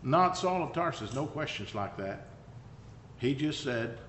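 A man's voice: medium pitch, lively intonation, measured pace, a bit bright, a little hiss or hum. A man preaching a sermon, telling the story in a conversational, emphatic way with wry asides. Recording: echoey hall reverb.

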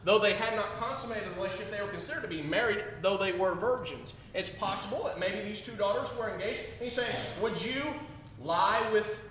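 A man preaching a sermon, emphatic, swinging between loud declarations and quiet asides. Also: quick pace, few pauses. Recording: echoey room with faint rumble.

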